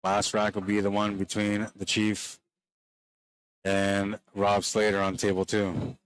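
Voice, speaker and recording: A man with a lowish, clean-toned voice offers laid-back, conversational live play-by-play of a pool match, speaking directly to stream viewers. He takes his time and sounds slightly tired late in the day.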